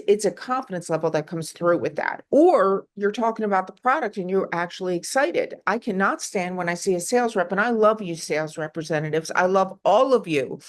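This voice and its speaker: A woman appearing as a guest sales expert, making her points firmly with rhetorical questions. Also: medium pitch. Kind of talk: casual interview chat.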